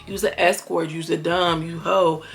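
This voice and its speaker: A woman giving a casual, animated recap of a reality show, sassy and quick to act out quotes. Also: lowish voice, faint music behind. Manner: animated, sassy, retells scenes in quoted voices. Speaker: reality TV commentator.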